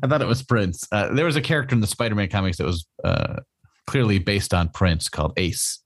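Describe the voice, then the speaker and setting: A man's voice: on the low side, fairly quick. A man co-hosting a podcast, rambling casually about comics with plenty of fillers and frequent laughter. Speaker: podcast co-host.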